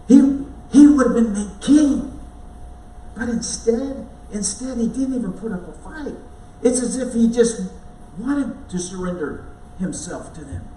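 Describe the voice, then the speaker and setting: High-voiced man acting out a Bible story. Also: warm tone, slight background noise. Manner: halting, repeats words while storytelling. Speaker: church speaker. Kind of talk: dramatic first-person Bible monologue. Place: church sanctuary. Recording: echoey room, voice from far off.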